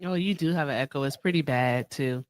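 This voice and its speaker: A lively, blunt woman hosting a live stream. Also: a bass voice, a little fast, dry recording. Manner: lively, blunt, laughs often, urges viewers on. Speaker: livestream host. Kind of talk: casual live-stream chat and debate.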